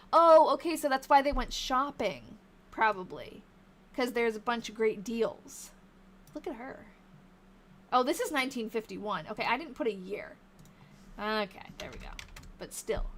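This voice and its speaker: A woman's voice: on the high side, slight background noise. Tired woman chatting on a live stream. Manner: thinking aloud, reads snippets, chats to viewers. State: tired, yawning. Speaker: live-stream host researching old diaries. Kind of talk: casual live-stream chat while reading aloud.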